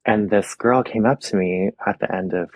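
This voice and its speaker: A young adult man being interviewed, telling personal stories openly and with feeling, with soft laughs now and then. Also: lowish voice, moderate pace, dry recording. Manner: open, emotional storytelling with soft laughs. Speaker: guest, makeup artist. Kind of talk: casual interview.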